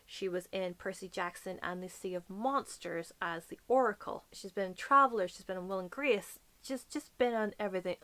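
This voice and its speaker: A book vlogger from Northern Ireland with a light accent chats casually to camera, gushing playfully and dropping whispered asides. Her voice is mid-range and a bit bright.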